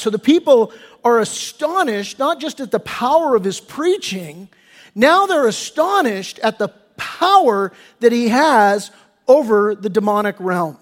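A man's voice: high voice, expressive, normal speed, long reverb tail. A male pastor preaching a sermon in a church sanctuary, talking in a folksy, conversational way with stumbling restarts.

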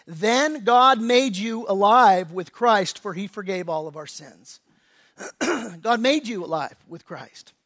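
A male pastor preaching a sermon in a folksy, conversational way, rising loud for emphasis and dropping low and quiet on solemn points. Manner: folksy, conversational preaching with animated swings in volume.

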